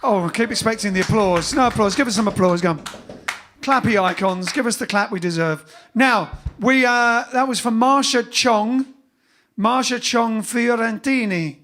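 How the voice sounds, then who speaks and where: High bright-voiced man hosting a stream. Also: normal speed, faint music behind. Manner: rambling, jokey, with many fillers and restarts. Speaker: band leader hosting a live stream. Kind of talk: casual live-stream chat.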